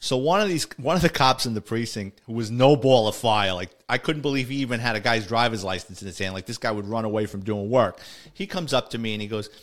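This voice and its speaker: Rambling middle-aged New ex-cop storyteller. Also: male voice, mid-range voice, animated, fast talker. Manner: rambling, self-correcting, acts out quoted dialogue. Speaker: retired police officer telling stories. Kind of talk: casual podcast storytelling.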